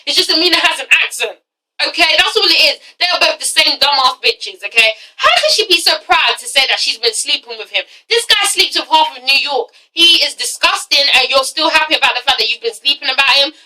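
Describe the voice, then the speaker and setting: Girl ranting about tv, swears a lot, super bright high voice, mic kinda far off. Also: animated, brisk. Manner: blunt, profane, exasperated. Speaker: TV review vlogger. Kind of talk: casual ranting review.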